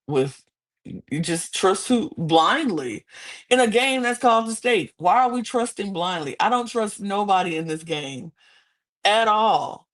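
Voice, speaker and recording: Young female co-host: sassy, expressive and chatty, often leaping into squeaky outbursts. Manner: animated, sassy, swings into high-pitched exclamations. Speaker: podcast co-host. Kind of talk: casual reality-TV recap chat.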